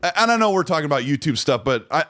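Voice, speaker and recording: A podcast host with a slightly high, lively voice, talking casually with his co-host. He mostly drops in short remarks to agree with what is said. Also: very fast.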